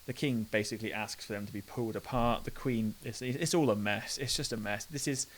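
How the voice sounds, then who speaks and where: A man talks his students through a play, reading old lines and then recasting them in loose modern slang. His voice sits a little low. A faint hiss runs under the recording. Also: fairly quick, rough recording. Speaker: English literature teacher. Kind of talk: talking through a play line by line.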